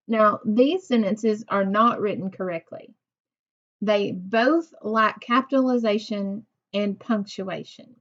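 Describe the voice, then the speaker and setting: A woman teaching a recorded reading lesson to young children, speaking slowly and patiently, praising and asking questions of pupils who aren't there. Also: medium pitch, lo-fi sound. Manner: slow, patient, encouraging, asks questions to unseen pupils.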